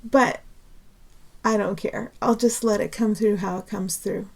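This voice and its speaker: Woman, spiritual teacher, unscripted talk, emotional, earnest, frequent laughter, mid pitch. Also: a little slow, gravelly. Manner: emotional and earnest, laughs often between phrases; pleading, then calming herself down.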